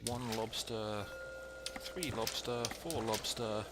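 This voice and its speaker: Lower-voiced man narrating gameplay. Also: slow pace, heavy background noise. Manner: chatty, dry, methodical. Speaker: let's play host. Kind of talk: gameplay commentary.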